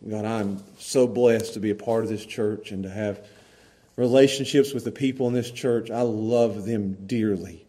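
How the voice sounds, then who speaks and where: A man preaching a folksy sermon to a small church congregation, swinging from hushed earnest passages to loud, excited storytelling. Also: fairly low pitch, normal speed. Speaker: pastor. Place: small church, evening service.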